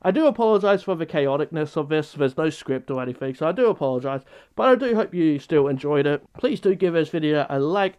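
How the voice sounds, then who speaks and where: A man's voice: a little high, lively intonation, a little fast, darkish tone, smooth. A man vlogging in an unscripted casual chat, rambling and hesitant with many restarts.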